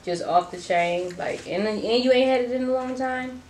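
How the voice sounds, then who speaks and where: A woman co-hosting a casual chat, telling an old family story with animated delivery and frequent laughter. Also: a little high, moderate pace. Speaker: co-host. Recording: echoey room with faint noise.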